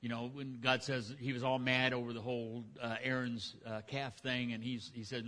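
A man's voice: medium pitch, flat delivery, normal speed, hardly any pauses, bright, forceful tone. A male pastor preaching in a loose, conversational manner. He retells scripture in plain everyday speech, with the ease of someone talking to his own congregation. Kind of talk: sermon.

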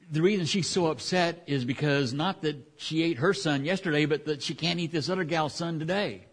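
A man's voice: on the high side, normal speed, slightly rough. Conversational middle-aged male preacher. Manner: conversational, with frequent restarts and asides. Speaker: pastor. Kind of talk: sermon.

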